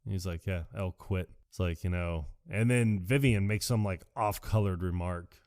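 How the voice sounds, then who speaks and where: A man on a podcast talks through a movie scene by scene, slipping into quick impressions of the characters as he goes. His voice sits a little low and the sound is close and dry, with no room around it. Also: no echo. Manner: animated retelling, acting out lines in quick voices. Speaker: podcast co-host. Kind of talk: casual movie recap chat.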